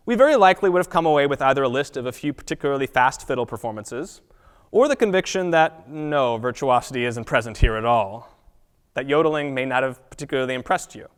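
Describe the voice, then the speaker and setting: A man giving an academic lecture at a college, reading prepared text in a measured way and sometimes correcting himself. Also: on the high side. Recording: long reverb of a lecture hall.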